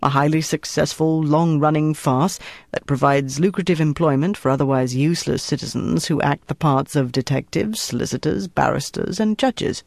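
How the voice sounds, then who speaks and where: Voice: medium pitch, moderate pace, vocal fry, no room sound, close to an everyday voice. A narrator voicing a wry, blunt older man who talks with dry amusement.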